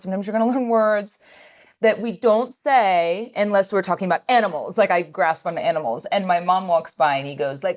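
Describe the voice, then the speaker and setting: A woman in her thirties co-hosting a podcast, telling family stories in a casual, animated chat with lots of fillers. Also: mid-range voice. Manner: animated storytelling, many fillers. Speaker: podcast co-host.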